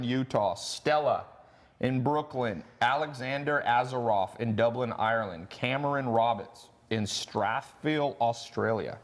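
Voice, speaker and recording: A man hosting a live online stream, pitching a business training program in a quick, animated, joking way. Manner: fast, animated pitching, jokes and laughs. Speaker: host.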